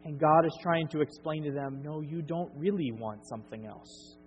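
A middle-aged man preaching a sermon, earnest, building to emphatic peaks and then dropping soft. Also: a little high, moderate pace. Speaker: pastor. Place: church sanctuary. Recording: dull lo-fi church recording with long reverb and faint hum.

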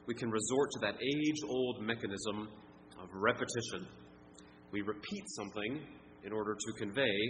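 A man's voice: mid-range voice, noisy background. A man in his thirties preaching a sermon as pastor, earnest and conversational with playful asides. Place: church sanctuary. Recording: reverberant hall with faint ambience.

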